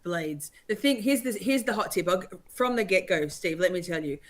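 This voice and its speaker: A woman's voice: fairly low pitch, animated, brisk. A woman from Australia with an Australian accent, a guest on a livestream, bubbly and enthusiastic in casual chat. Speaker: guest streamer.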